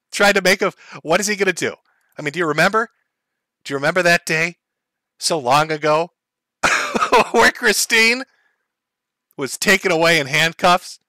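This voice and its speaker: A man's voice: fairly high pitch, bright, forceful tone, dry recording. A man hosting a livestream, giving crude, sarcastic commentary and laughing often. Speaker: livestream host.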